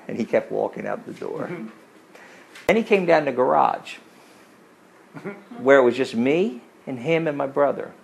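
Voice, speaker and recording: A middle-aged man preaching a sermon full of personal stories. He talks emphatically, rising to forceful peaks and dropping into low asides. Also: creaky, rough recording. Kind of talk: sermon with storytelling.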